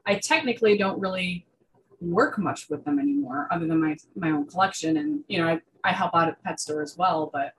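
A woman's voice: fairly low pitch, brisk, slight background noise, poor audio. Young woman gushing about reptiles. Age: young adult. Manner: chatty, full of fillers and restarts. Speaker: guest artist. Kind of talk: casual interview chat.

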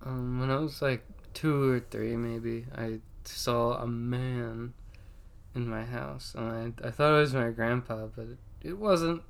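Podcast guest, man, casual chat, quiet and hesitant, short replies, gravelly creak. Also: mid-range voice, steady tone, a little slow.

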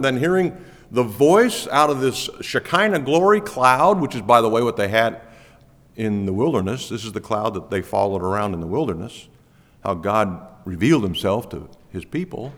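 A man preaching a sermon as pastor, lively and animated, laughing now and then. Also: medium pitch, moderate pace. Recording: long reverb of a church hall.

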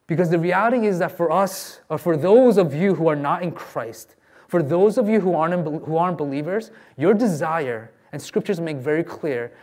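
A man's voice: a little high, a little mellow. A man preaching a sermon as a pastor, earnest and pleading with his listeners.

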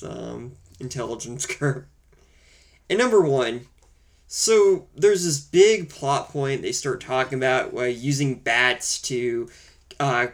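A man's voice: medium pitch, creaky. A man co-hosting a casual movie review chat, rambling and hesitant with wry humor. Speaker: podcast co-host.

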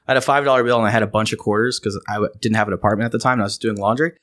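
Fast-talking American man telling stories. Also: medium pitch. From United States. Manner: animated, fast anecdotes with voiced quotes. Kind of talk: casual storytelling chat.

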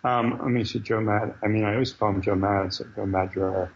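A man being interviewed, telling animated, jokey anecdotes in casual conversation. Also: lowish voice, fast, dull audio, a little hiss or hum. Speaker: guest, comic book writer.

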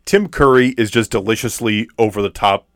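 This clip has a man co-hosting a podcast and rambling casually about a film, restarting often and using lots of fillers. His voice is fairly low pitched and his pace moderate, captured in a dry, clean studio recording.

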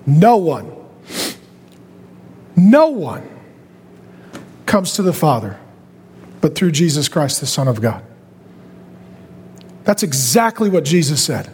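A man preaching a fervent sermon as a pastor, building from steady talk to loud, pleading shouts. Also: on the high side, a little slow, long pauses, big-room sound, a little hiss or hum.

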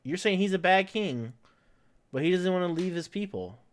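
A man's voice: high-pitched, expressive, moderate pace. A man hosting a casual podcast, recapping an episode in a chatty way, laughing often and filling gaps with "like" and "uh".

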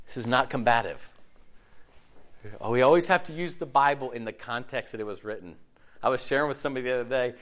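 A man preaching a sermon as pastor, in a conversational, animated way with frequent laughter. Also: mid-range voice.

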